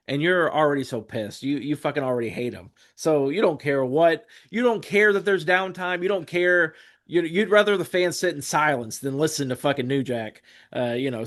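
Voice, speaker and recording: A man's voice: fairly high pitch, fairly bright tone. A man in his forties, a podcast guest telling rambling road stories in a casual, profane way, acting out what others said. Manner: profane, rambling, acts out quotes. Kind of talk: casual storytelling.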